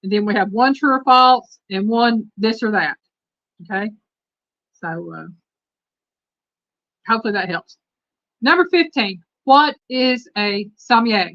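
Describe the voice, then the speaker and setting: A woman's voice: on the high side, lively intonation, measured pace, pauses often, no room sound, highs cut off. Chatty Texan woman hosting live trivia. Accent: Texas Southern. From Texas. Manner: chatty, reading questions aloud and chatting with viewers. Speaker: host. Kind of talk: live stream trivia chat.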